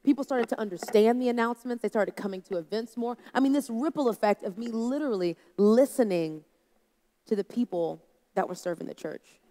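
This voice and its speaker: A woman's voice: fairly high pitch, brisk, warm tone. Woman giving a talk in an echoing hall. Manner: conversational storytelling, acts out quotes. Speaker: conference speaker. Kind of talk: leadership talk to a live audience. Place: large hall with an audience. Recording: long hall reverb.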